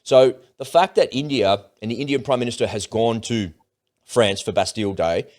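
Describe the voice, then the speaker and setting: A man's voice: medium pitch, normal speed, darkish tone. A man hosting a show, talking through the news in a chatty, rambling way with restarts. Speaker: host. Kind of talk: casual political commentary.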